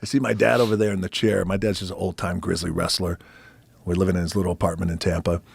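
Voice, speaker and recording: A man as a podcast guest, telling a profane, animated story in casual conversation and acting out other people's lines. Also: sits low, quick pace, vocal fry, husky, dry recording.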